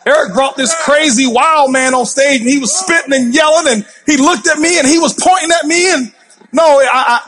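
A man giving a fired-up motivational speech from a stage, intense and passionate, yelling at the crowd. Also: extremely high pitch, moderate pace. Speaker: motivational speaker. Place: stage before a live audience.

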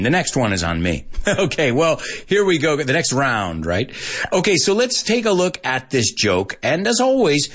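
Playful joking man with a husky voice. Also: medium pitch, fairly bright tone. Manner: playful, laughs at his own jokes, switches between English and Spanish. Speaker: English teacher for Spanish speakers. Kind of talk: live online English lesson with jokes.

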